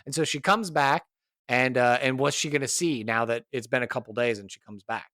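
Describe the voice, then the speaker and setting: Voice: medium pitch, a little fast, fairly bright tone, dry recording, studio quality. A player describing their character's actions in a tabletop game, hesitant with many fillers.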